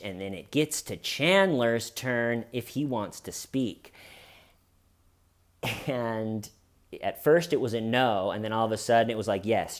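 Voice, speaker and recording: A man giving casual true crime commentary as the host of his channel, with sarcastic, mocking asides. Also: medium pitch.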